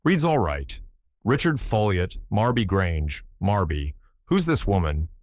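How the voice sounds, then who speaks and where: A man doing a brisk police inspector. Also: low voice, big pitch swings. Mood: businesslike. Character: brisk, shrewd male police inspector, middle-aged.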